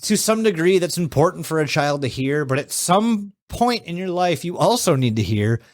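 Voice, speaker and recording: A young man in casual podcast chat, swearing freely as he tells a story and plays out the voices of the people in it. His pitch swings up and down a lot, and the sound is dry and close. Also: normal speed, dry recording. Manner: profane, animated storyteller acting out voices. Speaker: podcast co-host.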